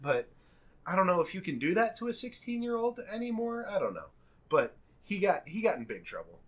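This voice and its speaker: A young man telling a wild story on a podcast in a casual, animated way. He laughs often, swears freely and acts out the people he quotes. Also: high voice, a little fast.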